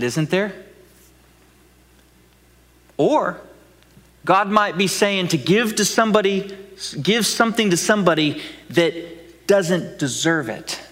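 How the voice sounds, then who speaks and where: A man's voice: high voice, fairly bright tone, long reverb tail. A man preaching a sermon with dramatic delivery, acting out voices and dropping to whispers for emphasis. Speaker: pastor.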